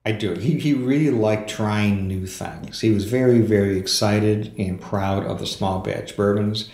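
A man with a low, gravelly voice spins anecdotes as a podcast guest, full of ums and small laughs. His voice bounces around a roomy, echoey space. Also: measured pace, a little mellow. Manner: anecdotal, with fillers and chuckles. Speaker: author guest. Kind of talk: casual storytelling in a podcast interview. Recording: echoey room.

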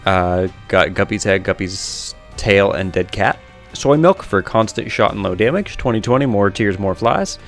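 A man's voice: on the low side, gravelly. A young man casually commenting on his own gameplay, rambling, correcting himself and laughing often, on a headset mic. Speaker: gaming video host.

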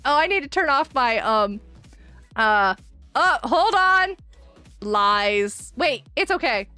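A woman's voice: high-pitched, lively intonation, takes it slowly, sharp tone, no echo, soft background music. A young woman streaming a game, chatting casually, giggling and sounding out words.

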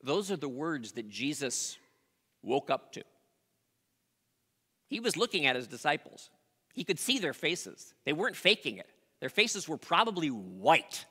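A pastor preaching a sermon, telling a story with dramatic pauses and rising emphasis. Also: medium pitch, very animated, sharp tone, breathy edge. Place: church sanctuary. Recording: long reverb of a large hall.

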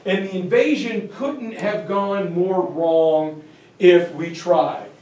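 A man giving a history lecture to a class, telling it as a lively, joking story. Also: high-pitched, slow pace. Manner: animated, joking storytelling with acted-out voices. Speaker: teacher. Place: lecture room. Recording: roomy, from far off.

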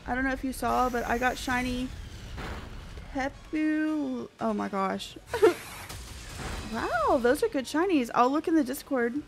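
A woman, chatting excitably with viewers while she streams a game. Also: high voice, unhurried, vocal fry, background noise. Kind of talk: casual live-stream chat.

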